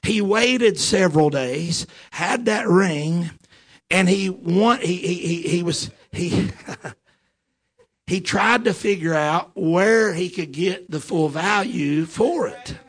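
A man preaching a sermon as a story, peppering it with amen and repeating lines as he builds to fervent shouts. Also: high-pitched, slow, breathy edge. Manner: punctuates phrases with amen.

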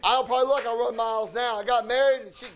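A man preaching a fervent sermon, often shouting and lapsing into a sing-song cadence. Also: very high voice, fairly even intonation, very fast.

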